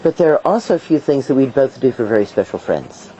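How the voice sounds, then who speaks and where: Lively woman with a mellow voice. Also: rumbling low, fast. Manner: lively storyteller, acts out voices and laughs. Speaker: herbalist guest. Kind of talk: storytelling interview answers. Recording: dull lo-fi video sound, faint hiss.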